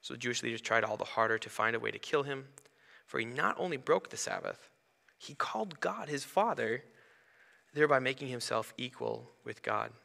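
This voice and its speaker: A man preaching a sermon in a conversational way, breaking into animated asides. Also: medium pitch, normal speed, creaky. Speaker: pastor. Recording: long hall reverb.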